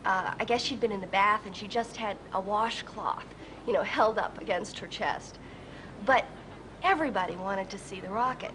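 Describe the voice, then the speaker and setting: A woman's voice: mid-range voice, moderate pace, background noise. A woman chattily recalling a neighborhood anecdote in a documentary interview.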